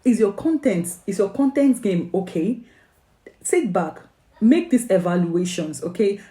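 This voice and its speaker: Nigerian woman, english exam tutor, earnest coaching, mellow low voice, roomy echo. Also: expressive, measured pace. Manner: earnest, coaxing, asks many questions, frequent "okay?". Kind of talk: motivational exam advice video.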